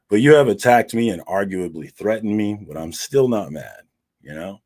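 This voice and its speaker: A man hosting a casual online show, retelling an argument with a friend in a profane, animated way and quoting both sides. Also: lowish voice, moderate pace. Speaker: host. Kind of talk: casual livestream storytelling.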